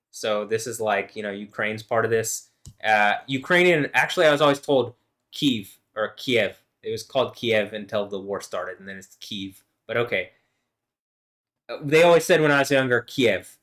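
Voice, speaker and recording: A man talking through a loose, rambling vlog, swearing as he goes. His voice is of middle pitch, and he drops into low mumbles before rising into louder, excited bursts. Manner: rambling, profane, swings between mumbling and loud laughing. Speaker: vlogger. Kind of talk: rambling monologue.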